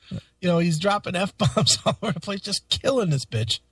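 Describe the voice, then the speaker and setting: A radio co-host tells a story casually and profanely, swearing constantly and laughing as he goes. His high voice has a breathy edge and a moderate pace, animated throughout. There's no echo, though he's far from the mic.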